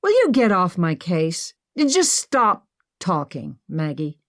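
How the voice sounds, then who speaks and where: Audiobook role: pessimistic, sharp-tongued young woman, sarcastic, read by a woman narrator. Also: on the low side, wildly swooping pitch, takes it slowly, no echo, studio quality, exaggerated voice. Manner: sarcastic, snappish.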